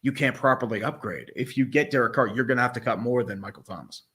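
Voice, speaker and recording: Male co-host, casual sports talk, blunt and opinionated, mid-pitched voice. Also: fast talker, a bit bright. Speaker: podcast co-host. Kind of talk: casual sports podcast chat.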